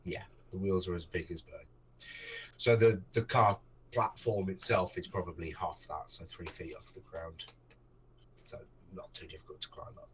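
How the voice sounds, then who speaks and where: A man's voice: low-pitched, fairly even intonation, normal speed, a little hiss or hum, low-quality recording. A man running a tabletop game as game master, narrating casually with many ums and restarts into a desk microphone.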